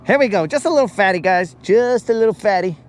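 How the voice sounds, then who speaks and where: A young fishing vlogger chats with viewers while he fishes, trading playful, slangy jokes. His high voice is expressive and quick.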